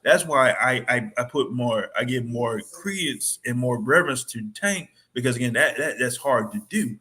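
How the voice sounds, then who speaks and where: A man co-hosting a sports podcast, chatting casually in an animated, rambling way full of slang. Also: medium pitch, moderate pace. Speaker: podcast co-host.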